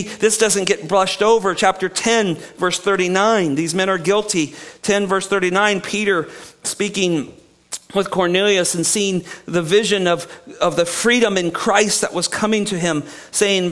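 Reading a scripture passage, this pastor then unpacks it through emphatic questions to the congregation, shifting between hushed and raised delivery. His voice is a little high and steady, and he speaks a little slowly.

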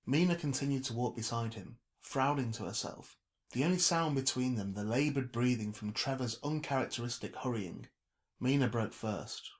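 A man narrating a novel in an even, measured storytelling voice. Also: medium pitch. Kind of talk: audiobook narration.

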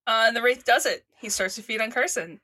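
Female podcast co-host, high and bright, lively storyteller with a salty tongue. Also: a little fast, dry recording. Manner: animated storytelling, swearing, laughing often. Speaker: podcast co-host recapping a TV show. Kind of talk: casual chat.

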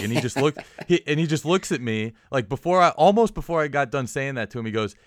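A man who produces the podcast, telling an annoyed anecdote in a deadpan way. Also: mid-range voice, quick pace, few pauses, no room sound, studio quality. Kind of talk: casual chat.

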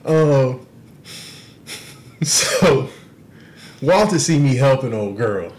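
A young man on a podcast, telling a story in an animated, profane way and laughing through the punchlines. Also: mid-range voice, extremely slow. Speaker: podcast co-host. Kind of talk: casual storytelling.

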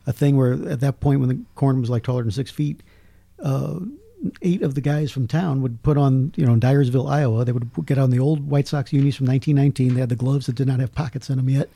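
A man's voice: medium pitch, gravelly, no echo. A man, a film critic telling jokey stories in casual chat. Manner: storytelling, jokey, lively asides. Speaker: podcast guest, film critic.

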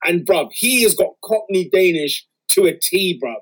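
A man, co-hosting a casual football chat with animated, slangy banter. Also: high voice, moderate pace, low-quality recording. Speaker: podcast co-host.

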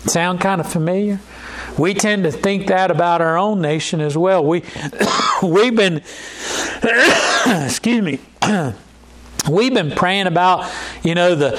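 A man with a high, light voice delivers a sermon at an unhurried, deliberate pace. He reads scripture carefully, then preaches with fervent pleading and frequent restarts.

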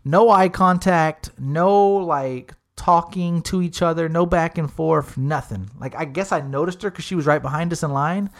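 A man's voice: a little high, normal speed, hardly any pauses. A young man telling a funny story in casual chat, swearing freely and acting out the voices of the people he quotes.

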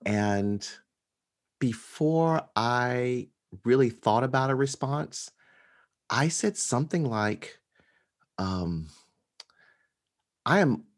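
A man who is a pastor, talking thoughtfully about his sermon in a casual conversation, pausing often with ums and lifting his voice on key points. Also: mid-range voice, animated. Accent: African American. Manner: thoughtful, pausing with many ums, rising with emphasis.

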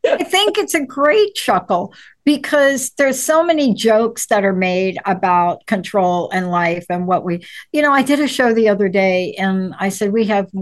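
A woman co-host on a radio talk show, chatting and laughing along. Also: medium pitch. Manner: laughing, agreeable.

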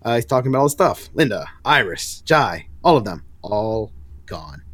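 A man's voice: on the low side, normal speed, slightly rough, no room sound. Dry-sounding man recapping comics. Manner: animated retelling, laughs often, exasperated asides. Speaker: podcast co-host. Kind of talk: casual comic book review chat.

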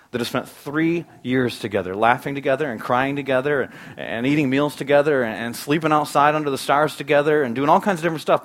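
A man's voice: medium pitch, fairly bright tone. A man pastor preaching a sermon, earnest and conversational, with sudden bursts of emphasis.

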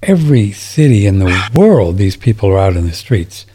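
A man's voice: on the low side, very animated, moderate pace, dark tone, a little hiss or hum. A man hosting a casual interview, mostly chiming in with short agreeing remarks and reading out listener messages. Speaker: host.

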